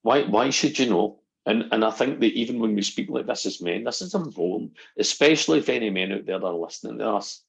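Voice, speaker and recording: A middle-aged man, a guest on a casual podcast, talking as an animated storyteller who acts out what people said. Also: on the low side, brisk, vocal fry, few pauses, slightly rough, low-quality recording. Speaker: guest, NLP practitioner.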